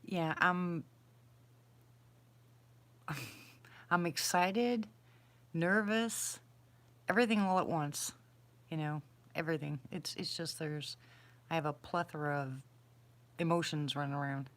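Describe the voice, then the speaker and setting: A middle-aged woman with a slightly low voice chats loosely on a live stream, outdoors at night. She rambles and restarts as she answers her viewers one by one, in a plain, homey way. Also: slow pace, long pauses. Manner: rambling, chatty, answers chat questions aloud. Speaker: livestream host answering viewers. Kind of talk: casual live-stream chat.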